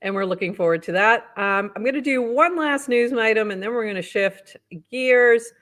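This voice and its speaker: A woman's voice: fairly high pitch, normal speed, fairly bright tone. A woman co-hosting a casual talk show, upbeat, reading posts aloud and laughing often. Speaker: podcast co-host. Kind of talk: casual news roundup chat.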